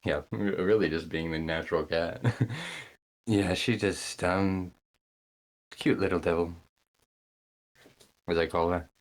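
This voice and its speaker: A man's voice: sits low, steady tone, slow pace, long pauses, rough recording. A man playing in a tabletop game who talks casually and hesitantly, often restarting his sentences. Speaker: player. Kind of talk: in-character casual chat.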